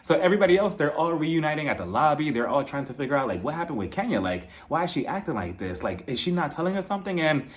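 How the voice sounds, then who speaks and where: A chatty young man talks through a reality show episode like he's gossiping with a friend. His voice sits a little high and swoops up and down a lot, and he keeps dropping exasperated asides. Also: sing-song, fast, few pauses. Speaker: reality TV reviewer. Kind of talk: casual recap commentary.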